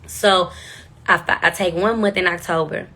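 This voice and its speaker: A woman's voice: on the low side, steady tone, moderate pace, bright, forceful tone. A young woman in her twenties telling a personal story straight to camera, casual, candid and profane. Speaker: vlogger.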